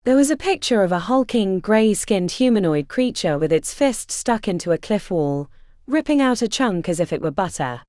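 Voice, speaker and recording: A woman narrating a fantasy audiobook with expressive, measured storytelling. Her pitch rises and falls freely at a mid-range level. The recording is dry and close, with no room sound. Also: no room sound.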